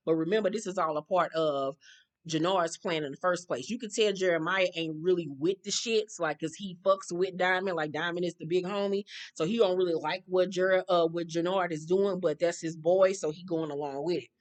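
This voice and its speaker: A woman hosting a casual TV episode recap and retelling the plot in a profane, animated way full of slang. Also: on the low side, moderate pace. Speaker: TV recap host.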